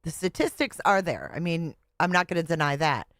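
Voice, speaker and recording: A woman's voice: sits low, animated, fairly quick, fairly bright tone, no room sound. Sarcastic swearing woman, dry close mic. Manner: blunt, sarcastic, swears freely. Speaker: reaction video host. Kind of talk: snarky commentary.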